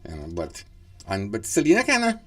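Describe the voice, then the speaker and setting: A man's voice: fairly low pitch, wildly swooping pitch, a little fast, fairly bright tone. A man, hosting a casual radio chat show, rambling with lots of fillers and laughs.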